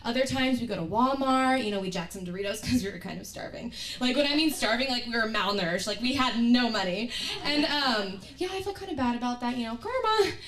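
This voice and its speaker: A young woman telling a comic personal story on stage, acting out scenes and yelling at the wild moments. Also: fairly high pitch, a little fast, hardly any pauses. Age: young adult. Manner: animated, acts out scenes with loud yells. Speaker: student performer. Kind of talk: stand-up storytelling. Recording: roomy stage audio from a distant mic.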